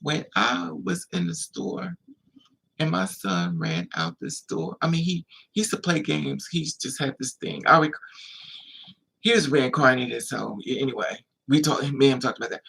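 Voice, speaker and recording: A man hosting a livestream, telling a personal story in a casual, animated way and acting out the voices of the people in it. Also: medium pitch, normal speed, vocal fry, breathy edge, rough recording. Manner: animated, acts out quoted voices.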